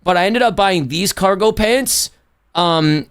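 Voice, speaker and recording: A man's voice: high voice, unhurried, fairly bright tone, smooth. A man livestreaming, chatting casually to his viewers in a rambling, slangy way that keeps correcting itself. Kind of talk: casual chat to a stream chat.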